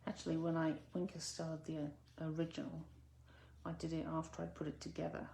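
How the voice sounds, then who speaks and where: A woman's voice: low voice, completely flat delivery, brisk, gravelly, dark tone, roomy sound, slight background noise. A woman demonstrating card making in a chatty, self-correcting way, sometimes dropping to a near-whisper while she concentrates. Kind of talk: casual crafting tutorial.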